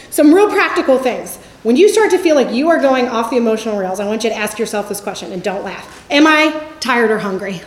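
A woman in her forties giving a Bible teaching talk in a lively storytelling manner. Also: high-pitched. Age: 40s. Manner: lively storytelling, acts out quotes with laughs. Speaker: campus ministry speaker. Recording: echoey room.

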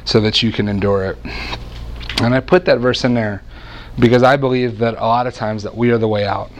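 Joking, lively man preaching a sermon. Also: mid-range voice, brisk, slight background noise. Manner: lively, joking storyteller with frequent restarts.

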